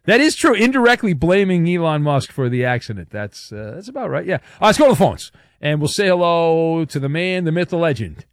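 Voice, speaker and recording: A man's voice: a little high, sing-song, fairly quick, no room sound, studio quality. A middle-aged man hosting a call-in radio show, reading listener messages and teasing callers in a sarcastic way. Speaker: radio talk show host.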